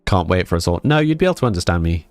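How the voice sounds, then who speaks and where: A man's voice: deep voice, very animated, rapid-fire, dry recording. A man from Scotland, streaming and casually chatting, reading viewer comments aloud and answering with frequent laughs. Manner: reads viewer comments aloud and chats back, laughing often. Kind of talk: casual chat.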